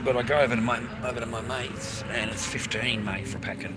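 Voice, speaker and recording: A man's voice: medium pitch, fairly even intonation, quick pace. A man with an Australian accent, streaming live, talking casually and rambling, swearing freely and calling everyone mate. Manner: rambling, swears a lot, says "mate" constantly. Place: outdoors in a city street and on a bus. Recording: loud street and traffic noise. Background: traffic and city ambience.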